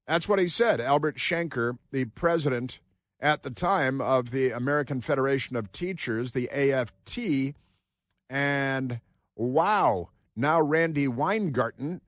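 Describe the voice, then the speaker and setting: A man's voice: mid-range voice, lively intonation, unhurried, no room sound. Dry-sounding sarcastic talk radio man. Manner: combative, sarcastic, mocking asides. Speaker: radio talk show host. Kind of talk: opinionated talk radio monologue.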